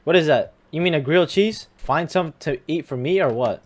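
A man's voice: on the high side, fairly quick. A young man giving casual game commentary, teasing and talking back to the characters on screen. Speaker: gamer.

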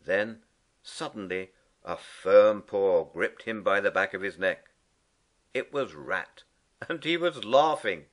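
Slow, expressive male storyteller. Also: lowish voice. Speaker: narrator. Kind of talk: storybook reading.

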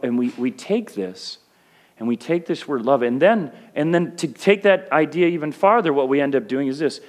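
A man's voice: on the high side, animated, normal speed. A middle-aged male pastor preaching a sermon in a conversational way that rises to fervent peaks.

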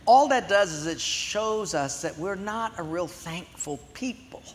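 A middle-aged male pastor giving a sermon in a large church, animated and conversational. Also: a little high, normal speed, hardly any pauses, a little hiss or hum. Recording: long echo of a big hall.

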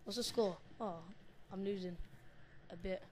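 A woman giving live gameplay commentary, excitable and swearing as she shouts at the game. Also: mid-range voice, a little slow, background noise. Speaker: gamer recording her match.

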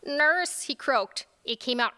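A woman reads her own story aloud at a conference, expressive and ready to slip into voices for her characters. Her voice is bright and sits a little high. A long reverb from a large lecture hall trails behind her. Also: normal speed. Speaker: author reading her fiction.

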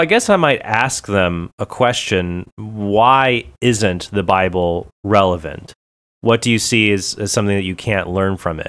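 A man answering callers on a radio show, earnest and explanatory, working through questions step by step. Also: on the low side. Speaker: radio show guest expert. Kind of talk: live call-in radio talk.

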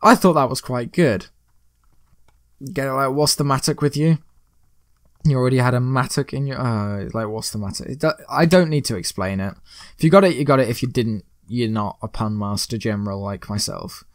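A man's voice: mid-range voice, fairly quick, dry recording, clean studio sound. Joking, rambling man narrating gameplay. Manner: rambling, joking, pun-loving. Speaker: let's play host. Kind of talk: gameplay commentary.

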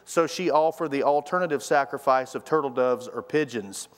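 A middle-aged pastor preaches a sermon in a church sanctuary, animatedly telling stories and voicing the people in them. His voice is medium in pitch and moderate in pace, with long hall reverb on the recording.

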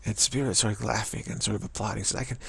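A man with a low voice leads a spiritual practice talk. His tone is gravelly and very breathy. He talks in a halting, musing way, restarting sentences and circling back over the same phrases. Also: fairly even intonation, fairly bright tone. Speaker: spiritual teacher.

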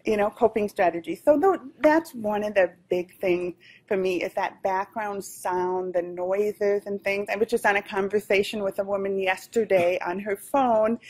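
Woman panelist, mid-pitched, unhurried, thoughtful delivery with frequent pauses. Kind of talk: panel discussion remarks. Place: training event room.

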